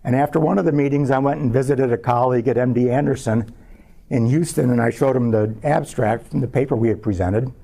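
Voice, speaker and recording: A man, a scientist, giving a public talk as a measured personal story about his research. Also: medium pitch, gravelly, dark tone. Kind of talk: lecture told as a personal story.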